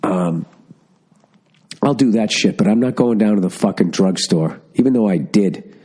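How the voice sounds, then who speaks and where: A somewhat low-voiced, middle-aged man, his nose audibly stuffed up from a cold. He rants and tells stories into a podcast mic in a loose, profane, animated way. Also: moderate pace, slightly rough. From Massachusetts. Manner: profane, ranting, storytelling, animated asides. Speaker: podcast host. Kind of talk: casual solo podcast rant. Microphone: studio podcast mic.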